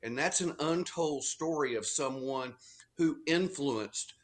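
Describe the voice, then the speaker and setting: A man's voice: on the high side, slow pace. A man from Texas, a guest author on a talk radio interview, telling history stories in an earnest way. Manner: earnest storytelling.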